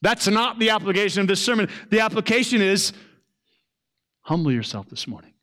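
Male pastor delivering a sermon, slightly higher-pitched voice, earnest, surges loud then drops quiet. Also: sing-song, fairly quick.

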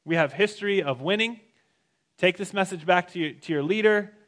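A man's voice: high-pitched, brisk, a bit bright, voice pushed up. A male preacher voicing a boastful, taunting ancient envoy in casual modern words. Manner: taunting, bargaining, swaggering.

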